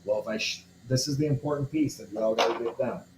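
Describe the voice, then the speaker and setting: A man's voice: mid-range voice, fast talker, background noise. Man teaching a chemistry problem, echoey room. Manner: talks through steps aloud, checks in with listeners. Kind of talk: homework walkthrough lesson.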